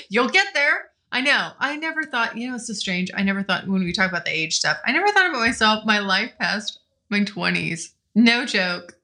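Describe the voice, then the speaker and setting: A woman's voice: medium pitch, big pitch swings, moderate pace, bright, forceful tone. A woman in her forties hosting a casual solo podcast, talking candidly, swearing freely and laughing often. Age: 40s. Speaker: podcast host. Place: home, morning with coffee.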